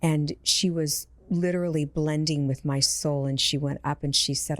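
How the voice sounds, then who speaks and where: Here the intuitive medium speaks at a moderate pace in a low, steady voice, with no room sound. As a podcast guest, she earnestly shares personal stories in conversation and voices the people she quotes.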